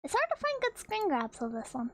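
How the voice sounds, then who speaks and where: A woman's voice: very high voice, huge pitch swings, a little fast, a bit bright, no room sound, low-quality recording. A young woman streamer chatting casually and playfully, rambling with restarts and freely swearing. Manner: playful, laughs often. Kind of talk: casual livestream chat.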